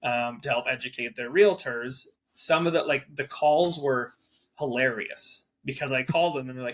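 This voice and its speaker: A man speaking as a guest property manager in a casual interview, animated and peppering his talk with "like" in rapid bursts. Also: mid-range voice.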